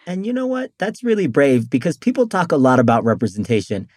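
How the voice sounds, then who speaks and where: Rambling man with a lively voice. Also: medium pitch, brisk, no room sound, clean studio sound. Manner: rambling, laughs often. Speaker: comedian guest. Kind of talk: casual interview chat.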